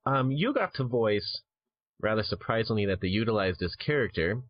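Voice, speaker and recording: A man's voice: lowish voice, lively intonation, moderate pace. A man interviewing a guest, asking long, rambling questions full of fillers and restarts. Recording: dull lo-fi sound.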